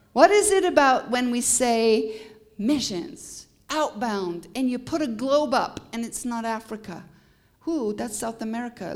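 Her voice fairly high, a guest preacher from Canada delivers a sermon in a Canadian accent. She builds to emphatic rising peaks and mixes in touches of humor.

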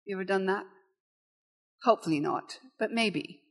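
A woman preaching a sermon in a church, conversational and animated, acting out quoted voices. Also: medium pitch, normal speed.

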